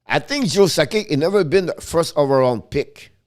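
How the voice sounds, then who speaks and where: A middle-aged man hosting a casual live hockey stream, talking excitably and often restarting and correcting himself. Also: fairly high pitch, normal speed.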